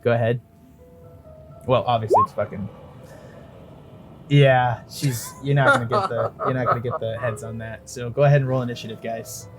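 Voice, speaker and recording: A man's voice: medium pitch, steady tone, normal speed, long pauses, music in the background. A man running a tabletop role-playing game as game master, talking bluntly and jokingly and swearing freely.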